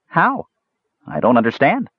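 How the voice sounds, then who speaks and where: A man voicing a small, eager, curious male kender in a high, excited voice. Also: unhurried, slightly rough, dry recording, lo-fi sound, full character voice. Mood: puzzled. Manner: high, excited and wide-eyed. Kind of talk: audiobook character voice.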